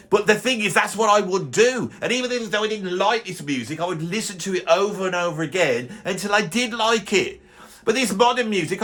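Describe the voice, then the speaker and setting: A man doing a bitter middle-aged music snob who grumbles and blusters through a comic rant. The voice sits a touch high and comes out bright and tense. He trips over his own restarts as the complaints pile up. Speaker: YouTuber doing a comic character.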